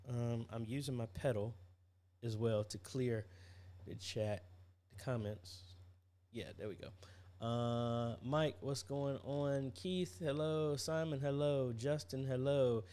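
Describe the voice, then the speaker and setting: A man's voice: medium pitch, steady tone, slow, dark tone. A tired man hosting a casual live stream, chatting and greeting viewers by name with lots of fillers. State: tired, yawning. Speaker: livestream host. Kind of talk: casual livestream chat.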